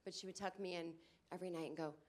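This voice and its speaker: A woman in her late thirties doing a stand-up comedy set on a club stage, acting out other people's lines in shrill put-on voices. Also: steady tone, racing, darkish tone. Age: 30s.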